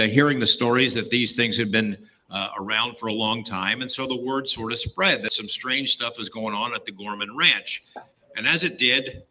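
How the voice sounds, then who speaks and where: A man's voice: on the low side, pushed and bright, poor audio. A middle-aged man casually retelling a story, with many fillers and quoted lines acted out. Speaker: guest storyteller.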